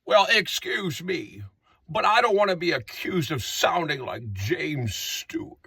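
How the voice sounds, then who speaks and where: A man voicing a cranky old man in a nursing home, doing a slow, drawling, indignant impression. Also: on the high side, expressive, creaky, bright, forceful tone, breathy edge, no room sound, pitched below the performer's own voice, full character voice. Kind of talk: improvised impression.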